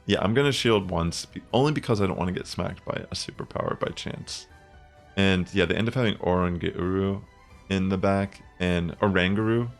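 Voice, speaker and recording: A young man talks through his game matches in a casual, thinking-aloud way. His voice sits low with a gravelly fry. Faint music plays underneath. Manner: relaxed, chatty, thinks aloud with fillers. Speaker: gaming content creator. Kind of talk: casual gameplay commentary.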